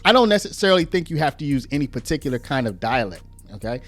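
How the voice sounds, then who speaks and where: A man's voice: medium pitch, big pitch swings, quick pace, dry recording, soft background music. A man giving argumentative commentary on played clips, explaining step by step with rhetorical asides.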